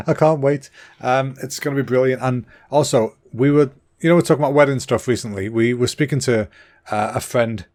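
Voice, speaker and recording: A man, hosting a casual solo podcast in a chatty, excitable way, slightly out of breath and clearing a clogged throat. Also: medium pitch. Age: 30s. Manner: chatty and excitable, with fillers and restarts. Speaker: podcast host.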